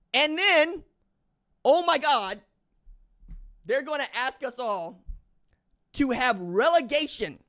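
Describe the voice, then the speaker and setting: Homem de voz aguda, indignado e animado. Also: male voice, extremely high pitch, bright, forceful tone. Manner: incredulous, mocking rant. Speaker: podcast host. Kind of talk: opinionated sports commentary.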